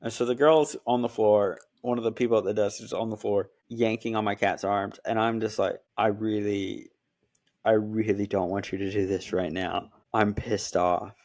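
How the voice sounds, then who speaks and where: Low-voiced man telling a pet story. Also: normal speed, no room sound. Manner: animated storytelling with quoted dialogue. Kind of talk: casual chat, pet story.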